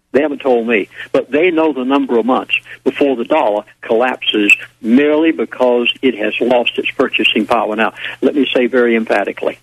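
A man's voice: medium pitch, no room sound. A man delivering a talk radio monologue in an emphatic, lecturing way, leaning hard on key words. The sound is dry and dull, like an older lo-fi broadcast. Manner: emphatic, lecturing, slows to stress points.

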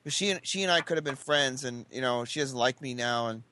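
A man's voice: mid-range voice, a little fast, pushed and bright. A man in casual chat who explains himself defensively, stumbling and restarting his words.

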